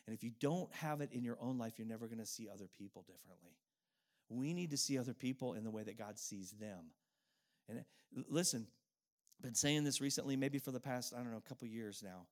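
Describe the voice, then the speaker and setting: A middle-aged pastor delivering a sermon in an earnest, heartfelt way. He tells personal stories with pauses and repeated lines, his voice sitting at an ordinary middle pitch for a man. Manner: earnest, emotional storytelling with pauses and repetition.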